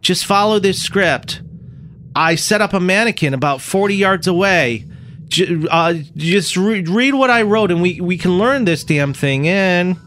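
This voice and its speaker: A man's voice: high-pitched, expressive, measured pace, fairly bright tone, a little hiss or hum, pitched above the performer's own voice. Man playing a pushy lawman giving orders. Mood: commanding. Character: pushy male lawman chasing a killer.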